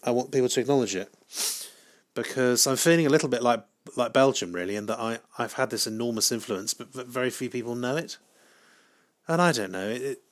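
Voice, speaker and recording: A man hosting a solo podcast, rambling through a comic monologue in a deadpan, self-mocking way with frequent hesitations and restarts. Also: mid-range voice, brisk. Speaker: podcast host.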